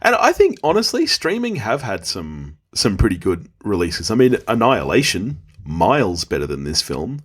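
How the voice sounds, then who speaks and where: A man with a low, husky voice chats as a podcast guest. His intonation swings up and down, and he gives his opinions in an easygoing, frank way. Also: wildly swooping pitch, moderate pace, few pauses. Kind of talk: casual chat.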